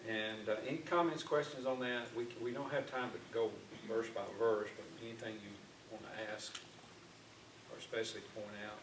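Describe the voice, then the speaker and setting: A man's voice: mid-range voice, fairly even intonation, normal speed. A man teaching an informal Bible class in a church classroom, talking conversationally with frequent fillers and restarts. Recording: echoey room, distant mic, faint noise.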